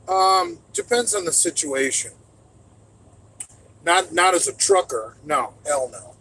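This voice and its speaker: A middle-aged man, a trucker, in casual storytelling chat, loud and profane and given to sudden shouts, talking from inside his truck cab. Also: fairly high pitch, animated, takes it slowly, pauses often, slight background noise, poor audio. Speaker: streamer answering chat.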